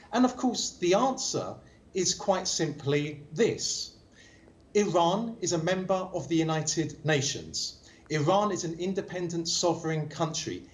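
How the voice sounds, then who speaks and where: A man giving formal political commentary as an interview guest. He speaks slowly and deliberately, in a fairly high voice that rises and falls widely. He drives his argument with pointed rhetorical questions. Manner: measured, emphatic rhetorical questions.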